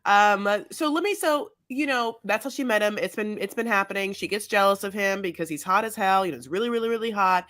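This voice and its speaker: A woman co-hosting a podcast who retells scenes in casual chat, leaning on fillers and slipping into playful quoted voices. Her voice sits at an ordinary middle pitch. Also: fast talker, few pauses, a bit bright. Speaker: podcast co-host.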